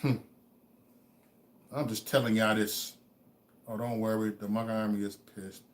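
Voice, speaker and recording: Speaking a little slowly in a lowish voice with fairly even intonation, this man hosts a livestream and motivates his chat. He keeps repeating himself, stumbles on individual words, and moves back and forth between soft musing and loud preaching.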